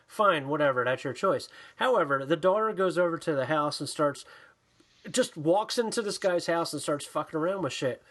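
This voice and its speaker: A man co-hosting a casual podcast, his voice sitting a little high. He talks in an animated, profane way and slips into the voices of the people he quotes. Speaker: podcast co-host. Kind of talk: casual chat, movie review.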